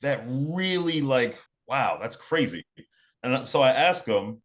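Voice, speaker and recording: A man's voice: medium pitch, expressive, slow. A young man from New York telling a personal story in a laid-back, casual way, often repeating and restarting phrases. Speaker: podcast guest.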